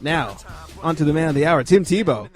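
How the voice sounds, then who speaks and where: A man's voice: a little high, expressive, fairly quick. Guy hosting a sports talk podcast, dry jokey delivery, some faint music in the back. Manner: wry, joking, reads news items. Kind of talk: casual sports talk chat.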